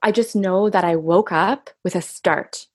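A middle-aged woman speaking softly and reflectively in an intimate interview, often pausing and restarting her sentences. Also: mid-range voice, slightly rough, no echo, clean studio sound. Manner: soft, reflective, halting with restarts. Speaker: guest recounting her husband's death.

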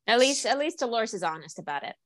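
A woman co-hosting a podcast in casual chat, animated and acting out quotes with big pitch swings. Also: quick pace, no room sound. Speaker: podcast co-host.

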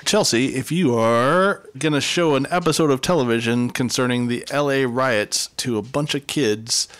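A man's voice: mid-range voice, moderate pace, fairly bright tone. Playful man podcast co-host. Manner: playful, slips into silly voices. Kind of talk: casual chat about a TV episode.

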